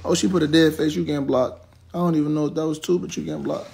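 Young dude venting on his live, high gravelly voice, cussing out commenters. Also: fairly even intonation, fast, darkish tone. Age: 20s. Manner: blunt, profane, ranting at commenters. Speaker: social media personality on a livestream. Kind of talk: venting on a livestream.

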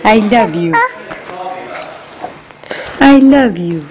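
A woman's voice: mid-range voice, animated, extremely slow, a little mellow, lo-fi sound, a little hiss or hum. A woman filming her toddler at home, coaxing and praising her in a sing-song baby-talk voice and laughing often.

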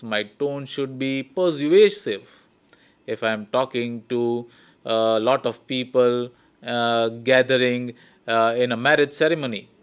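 Male lecturer with an Indian English accent, mid-pitched, explains patiently and keeps checking in with "okay". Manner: explanatory, repeats points, frequent "okay". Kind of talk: recorded lecture on communication skills.

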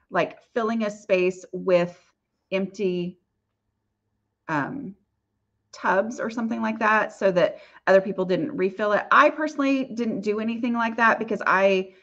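A woman's voice: mid-range voice, a bit bright, lo-fi sound. A woman hosting a casual live Q&A and answering viewer questions, talking in a chatty, rambling way with many fillers and restarts.

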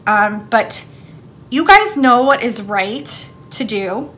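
A woman's voice: fairly high pitch, lively intonation, takes it slowly, a bit bright, a little hiss or hum. A woman giving a casual tarot card reading for her channel, chatting in a rambling way with lots of fillers. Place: her home, downstairs.

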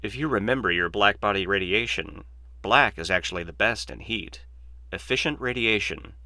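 A man's voice: fairly low pitch, normal speed, pushed and bright, no room sound. A man voicing a glib, opinionated male mathematician in a dry, lecturing, sardonic manner, read as an audiobook. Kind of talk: audiobook reading.

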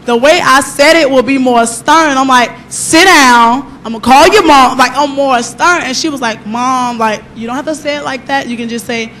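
A woman's voice: sits high, normal speed, few pauses, fairly bright tone, a little hiss or hum. A middle-aged woman giving a personal testimony at a church service, telling her story with animation and acting out the lines of the people in it.

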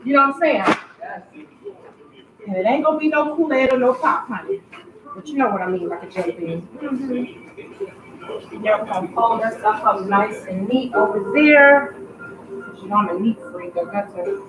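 A high-voiced woman hairstylist talks live to her viewers, bubbly and playful, throwing in honey and baby and silly beep-beep sounds. She is streaming from inside her salon. The room rings and there is steady noise behind her. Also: moderate pace, long pauses, reverberant. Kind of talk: lively live-stream chat. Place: hair salon, indoors.

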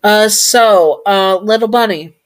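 A woman voicing a doting, bashful male rabbit spirit in a story she reads aloud, soft and hesitant. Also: mid-range voice, slow pace, pitched above the performer's own voice, lightly acted.

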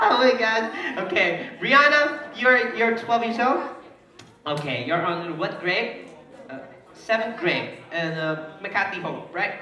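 Party emcee, playful and teasing, unhurried, lively pitch, heard from afar. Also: male voice. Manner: playful, teasing, laughs often. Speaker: party entertainer. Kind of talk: party emcee with audience banter. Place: indoor party venue. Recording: echoey party hall, distant mic, crowd.

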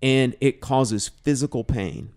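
A man, a guest on a podcast, telling a personal story in a casual, animated way and filling it with "you know". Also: mid-range voice, slow pace. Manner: animated storyteller, acts out quoted dialogue, many "you know"s. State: emotional, choked up. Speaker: podcast guest, drum teacher.

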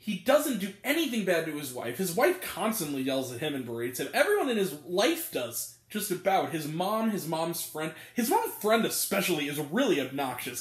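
Male movie reviewer, high and very expressive voice, rambling and self-correcting. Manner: animated, rambling, stumbles over names and laughs. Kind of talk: casual spoken movie review. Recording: roomy echo.

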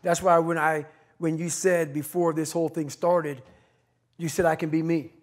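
A middle-aged man on a podcast, giving a blunt, profane, forceful motivational talk. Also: a little high, level tone, moderate pace. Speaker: podcast guest.

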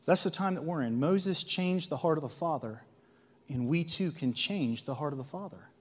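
A man with a Midwestern American accent preaching a sermon, swinging between loud zealous outbursts and hushed asides, full of rhetorical questions and repetition. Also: on the high side, animated, normal speed, big-room sound. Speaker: lay preacher. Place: church sanctuary.

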